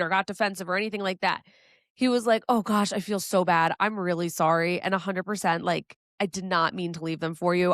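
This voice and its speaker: A woman's voice: mid-range voice, fairly bright tone, dry recording, clean studio sound. A woman hosting a solo relationship advice podcast, talking candidly and conversationally, with the odd casual swear. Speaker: podcast host.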